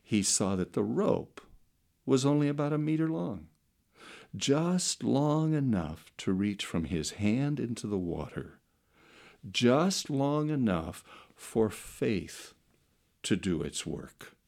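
A middle-aged man preaching a sermon through slow, dramatic storytelling that swings between loud and soft. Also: medium pitch, very animated, creaky. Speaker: pastor.

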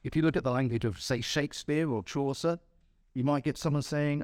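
A man's voice: on the high side, brisk, a little mellow, no room sound, studio quality. A man giving a sermon, telling a playful story in the first person and chuckling at his own jokes. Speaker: preacher.

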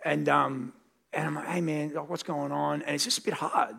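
A man's voice: fairly high pitch, fairly even intonation, moderate pace, creaky, pushed and bright. A man in his thirties preaching a sermon as a pastor, conversational and candid, rising to emphatic peaks on key points. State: tired.

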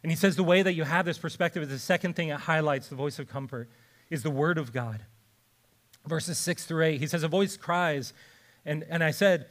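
Pastor, male, slightly high voice; animated sermon delivery with quiet, soft passages. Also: moderate pace. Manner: shifts between lively explanation and soft, hushed reading.

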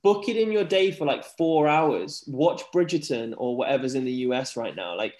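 A young man, a guest talking casually on a podcast, energetic and rambling, saying "like" a lot. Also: medium pitch, moderate pace. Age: young adult. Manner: energetic, rambling, says "like" often. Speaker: guest, former pro tennis player. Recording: roomy echo.

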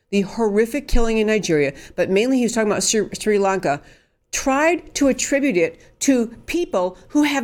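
A woman hosting a political talk show, giving an emphatic commentary monologue with frequent fillers and restarts. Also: mid-range voice.

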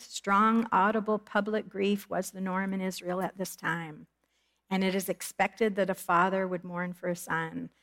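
A middle-aged woman giving a Bible study lesson in an earnest, measured way, reading scripture aloud and explaining it. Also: medium pitch. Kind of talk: Bible teaching lecture.

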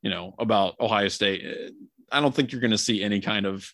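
A man's voice: fairly low pitch, brisk, fairly bright tone, no room sound. Man, casual sports talk host, joking and rambling, dry close recording. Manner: chatty, joking, rambling with many fillers. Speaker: podcast host. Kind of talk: casual sports podcast chat.

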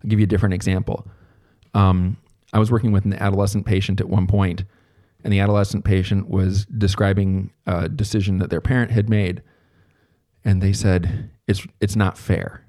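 A man giving a relaxed, conversational recorded lecture as a therapy instructor, thinking aloud as he explains. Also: low-pitched, fairly quick.

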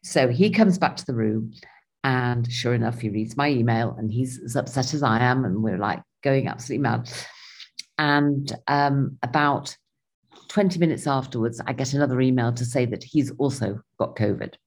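A woman's voice: rumbling low, moderate pace, breathy edge. A woman, animatedly telling a personal travel story in casual conversation. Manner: animated, acts out her own and others' lines.

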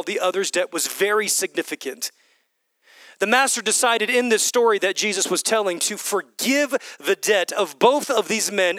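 A middle-aged man preaching with a high, bright voice. He drives his points home by repeating short phrases. The sound is close and dry, with no room echo. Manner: animated preaching, repeats lines for emphasis. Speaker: pastor. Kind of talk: sermon.

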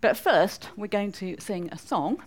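A woman's voice: medium pitch, animated, unhurried. A woman from northwest England with a Mancunian accent, giving a chatty church talk and quizzing the congregation. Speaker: preacher.

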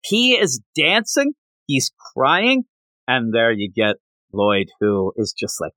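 A man co-hosting a podcast, chatting casually and animatedly about a manga chapter, often slipping into quick voices for the characters. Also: mid-range voice, bright, forceful tone, no echo. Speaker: podcast co-host.

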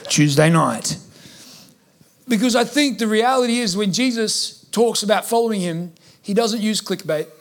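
A pastor with a high-sitting male voice preaches a sermon at normal speed in a church hall before his congregation. He's humorous and acts out the voices of the people he quotes.

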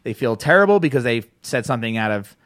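Fast and medium-pitched, this New Jersey podcast host chats casually, cursing plenty and often starting sentences over. He's animated and rambling; the audio is studio quality without echo.

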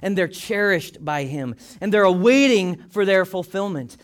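A man preaching a sermon as a pastor, animated, swinging from loud excited bursts to hushed asides. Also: high voice, moderate pace.

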